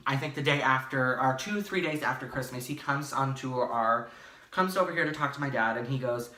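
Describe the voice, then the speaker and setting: A young man telling a casual storytime vlog from his bedroom, rambling and animated, full of fillers and restarts. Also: medium pitch, a little fast. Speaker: vlogger. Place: his bedroom, in front of a green screen. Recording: echoey room, slightly far from mic.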